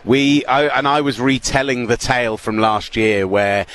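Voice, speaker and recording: A British man in his thirties, chatting casually as an interview guest with lively storytelling. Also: medium pitch, moderate pace. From United Kingdom. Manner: chatty, animated storytelling with laughs. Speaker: radio broadcaster guest.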